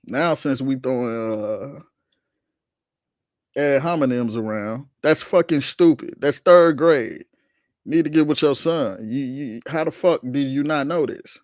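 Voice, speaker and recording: A man's voice: medium pitch, measured pace, darkish tone, no room sound, clean studio sound. Heated, profane man ranting. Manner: profane, argumentative, slangy. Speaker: streamer host reacting to chat. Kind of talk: heated casual livestream rant.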